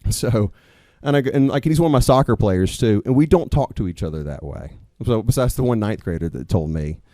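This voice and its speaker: A man, a teacher and coach telling a personal story live on stage into a microphone, animated and then earnest. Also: lowish voice, fairly quick, no room sound. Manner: animated, swears when quoting students, earnest at close.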